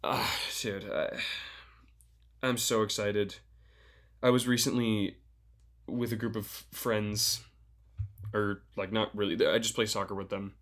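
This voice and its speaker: A man's voice: fairly low pitch, flat delivery, measured pace, pauses often, fairly bright tone. A man co-hosting a gaming podcast, talking with rambling enthusiasm and many restarts. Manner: enthusiastic, rambling, lots of fillers like dude. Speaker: podcast co-host. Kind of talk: casual chat.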